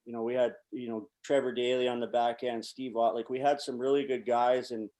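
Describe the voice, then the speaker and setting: A man's voice: mid-range voice, little pitch movement, a little fast, mellow. A man in his forties, a former pro hockey player, telling rambling, profane anecdotes as a podcast guest. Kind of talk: casual storytelling.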